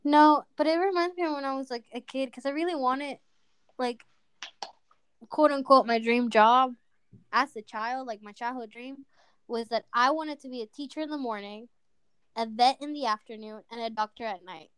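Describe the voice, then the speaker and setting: A woman in her twenties speaks as a guest in a casual chat, candid and playful. Her voice is high and smooth. The sound is close and dry. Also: normal speed, a bit bright, no echo. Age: 20s. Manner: candid, playful, laughs easily.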